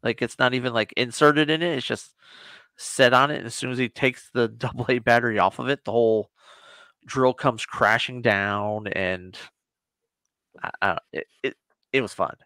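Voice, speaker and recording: A man, a guest on a casual reaction chat, rambling as he retells scenes and drops into quick quoted voices. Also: medium pitch, pushed and bright, no echo.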